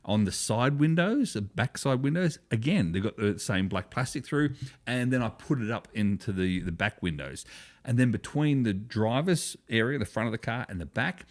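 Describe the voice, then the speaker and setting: An Australian man talks in a relaxed, casual way on a podcast. His voice sits at an ordinary pitch for a man, and he rambles through stories, often stopping to restart a sentence. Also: moderate pace. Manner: chatty, rambling storyteller with many restarts. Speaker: podcast co-host. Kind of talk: casual chat.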